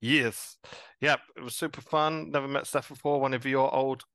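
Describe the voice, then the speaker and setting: A man's voice: medium pitch, steady tone, a bit bright, dry recording. Man, 30s; easygoing teasing podcast co-host, dry sound. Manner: laid-back, teasing, quick to laugh. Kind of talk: casual podcast chat.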